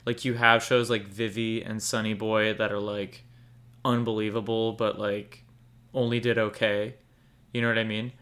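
A man's voice: lowish voice, little pitch movement, moderate pace, fairly bright tone, clean tone. A young man in casual conversation on a podcast he co-hosts. He rambles candidly, circling back to his points and dropping the occasional swear word. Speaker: podcast co-host. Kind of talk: casual chat about anime.

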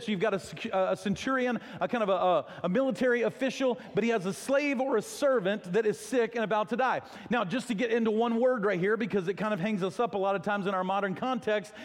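A man's voice: high-pitched, in a large hall. A male pastor preaching a sermon in a casual storytelling way, with self-deprecating humor.

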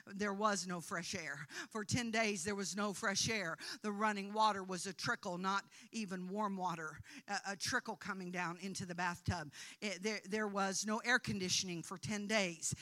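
Bright-voiced woman telling a sermon story. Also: medium pitch. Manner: storytelling, rising to emphatic preaching peaks, laughing at herself. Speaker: preacher. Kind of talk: sermon testimony.

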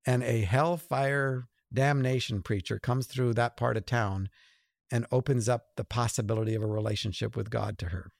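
A man's voice: mid-range voice, steady tone, normal speed, creaky, no echo, studio quality. A middle-aged man, an author and guest, telling a story in casual conversation and acting out the dialogue.

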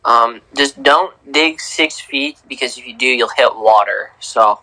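A young man co-hosting a casual sports podcast, excitable and repeating words for emphasis. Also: mid-range voice, unhurried, rough recording. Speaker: podcast co-host.

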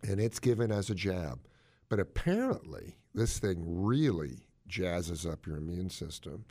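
A man co-hosting a casual chat, explaining health news in a jokey, animated way. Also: measured pace. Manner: animated, jokey, swoops up in pitch for emphasis.

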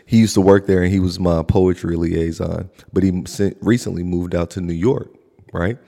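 Gravelly young man telling animated stories. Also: deep voice, normal speed, long reverb tail. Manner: animated storyteller, breaks into laughter and loud retellings. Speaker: podcast co-host. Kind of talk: casual chat.

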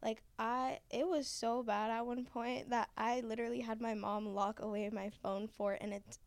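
A woman's voice: a little high, level tone, moderate pace, clean tone, no room sound. Candid young woman podcast host. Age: 20s. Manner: candid, chatty, swears casually. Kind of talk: casual podcast chat.

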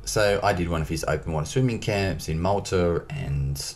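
A man telling a personal story as an interview guest, in a lively way, acting out the dialogue. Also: sits low, moderate pace, slight background noise. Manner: lively, acts out dialogue in his stories. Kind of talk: casual storytelling.

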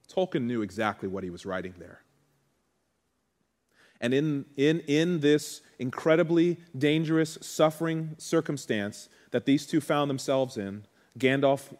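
A man's voice: mid-range voice, normal speed, a little mellow. A male pastor preaching a sermon in an earnest, heartfelt way, with conversational asides to the congregation.

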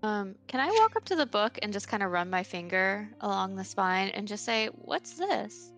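A woman's voice: medium pitch, animated, brisk, a bit bright, faint music behind. A woman playing a tabletop game over a video call, direct and teasing. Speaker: player.

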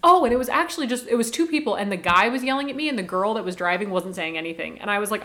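A woman's voice: mid-range voice, animated, rapid-fire, hardly any pauses, bright, forceful tone. A woman co-hosting a podcast, telling a story in casual chat and swearing freely. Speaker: podcast co-host.

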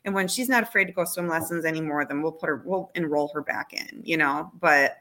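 A woman's voice: deep voice, brisk, pushed and bright. A woman in her thirties, a podcast guest, talking candidly and reflectively about parenting in casual conversation. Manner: candid, self-reflective storytelling.

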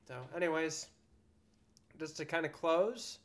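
A man's voice: on the high side, a little slow. Frank, cussing male podcast host. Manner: frank, profane, ranting. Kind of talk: casual chat.

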